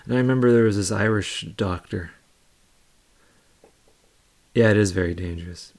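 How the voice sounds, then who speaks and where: Gravelly low-voiced man rambling casually. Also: normal speed, darkish tone. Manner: rambling, loose storytelling with many fillers. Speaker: live stream host. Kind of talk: casual live stream chat.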